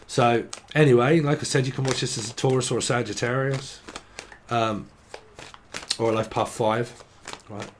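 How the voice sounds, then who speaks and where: A man's voice: medium pitch, slight background noise. A man giving a casual tarot reading, rambling and jokey, swearing now and then and riffing on word associations. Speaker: tarot reader.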